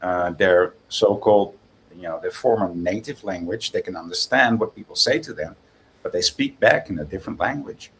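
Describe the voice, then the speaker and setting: A man co-hosting a casual talk show, speaking haltingly and searching for his words. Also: sits low, a bit bright, a little hiss or hum, low-quality recording. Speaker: podcast co-host. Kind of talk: casual chat.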